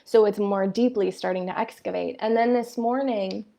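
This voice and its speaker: A woman's voice: medium pitch, fairly even intonation, moderate pace, creaky, mellow. A woman in her thirties, a spiritual coach talking on a live stream in a candid, fiery way.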